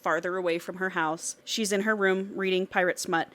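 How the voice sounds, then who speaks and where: A woman's voice: lowish voice, steady tone, moderate pace, a bit bright, no room sound. A woman co-hosting a podcast who recaps a novel in casual chat, swearing freely, laughing often and acting out the characters' lines. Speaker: podcast co-host.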